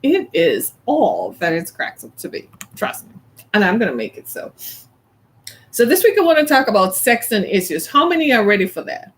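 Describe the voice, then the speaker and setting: A middle-aged woman from the American South, chatting casually as a host, animated and laughing often as she plays out little scenes. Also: on the high side, moderate pace. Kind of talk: casual chat.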